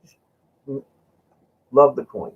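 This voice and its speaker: A man hosting a casual chat, telling rambling stories with laughs and acting out what his friend said. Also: slow. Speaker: host. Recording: dull lo-fi sound.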